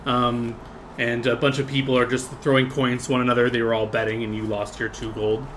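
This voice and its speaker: A man's voice: mid-range voice, flat delivery, fairly quick, fairly bright tone, slight background noise. Rambling man running a tabletop game. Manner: casual, rambling, many fillers. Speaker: game master.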